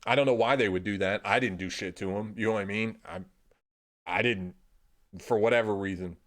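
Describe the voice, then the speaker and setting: Young male streamer, lowish voice, easygoing and profane, rambles and trails off. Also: fairly quick, a bit bright. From Indiana, USA. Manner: laid-back, swears a lot, trails off with "I don't know". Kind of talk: casual rambling chat.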